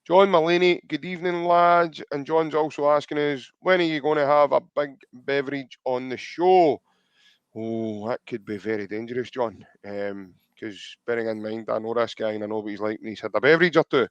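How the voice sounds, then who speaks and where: A man's voice: mid-range voice, steady tone, moderate pace, clean tone, dry recording, highs cut off. A man with a Scottish accent hosting a podcast in casual chat, reading out viewer comments and calling his co-host mate. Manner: chatty, calls co-host mate.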